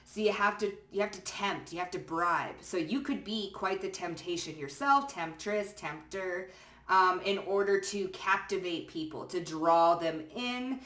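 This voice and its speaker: Woman tarot reader, fairly low voice, casual and chatty, swears freely, roomy sound a little off the mic. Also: unhurried, fairly bright tone, far from the mic. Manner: chatty, swears casually, frequent "okay?" and "you know what I'm saying?". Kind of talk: casual pick-a-card tarot reading.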